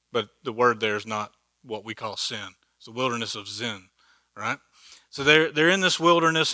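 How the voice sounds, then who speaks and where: Lively, chatty male Bible study teacher. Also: a little high, dry recording. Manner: animated, chatty, keeps checking in with listeners; acts out quoted speech with humor. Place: church meeting room.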